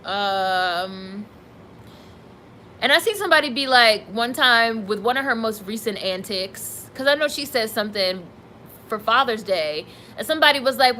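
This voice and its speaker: Bright-voiced woman chatting sassily with her stream. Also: fairly high pitch, lively intonation, measured pace, a little hiss or hum, rough recording. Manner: candid, sassy, reacting to chat with laughs and asides. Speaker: streamer reading viewer comments. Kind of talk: casual live-stream chat.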